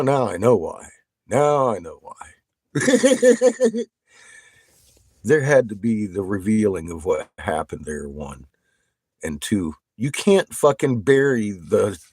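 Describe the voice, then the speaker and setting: A lower-pitched man talking to his stream viewers, swinging his voice up and down with a lot of energy. He swears freely and keeps breaking into laughter. The sound is dry and close, with no room echo. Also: takes it slowly, husky. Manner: profane, excitable, laughs often. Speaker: livestreamer. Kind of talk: casual livestream chat with viewers.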